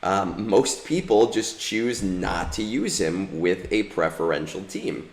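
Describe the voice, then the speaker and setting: Man, deep voice, slow talk, casual rambling game commentary. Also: big pitch swings, reverberant. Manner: rambling, many fillers and restarts. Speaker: gaming streamer. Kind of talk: casual livestream commentary while playing.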